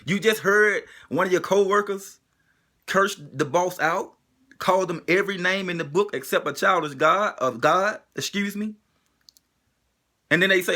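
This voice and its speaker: A man's voice: sits high, moderate pace, bright, forceful tone. A man delivering an emotional spoken monologue, driving it forward with the same pointed rhetorical question again and again.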